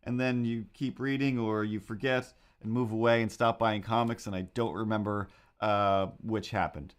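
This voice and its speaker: A man animating on a live stream, chatting casually to viewers in a rambling, easily sidetracked way with excitable asides. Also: fairly low pitch, moderate pace, clear, resonant tone. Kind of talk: casual livestream chat while animating.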